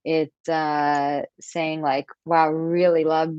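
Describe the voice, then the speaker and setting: Female dating coach, thirties, low-pitched, casual live-stream patter, muffled lo-fi sound. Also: little pitch movement, slow pace, darkish tone, clean tone, dry recording. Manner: breezy, chatty, reads viewer comments aloud. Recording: dull, dry lo-fi stream audio.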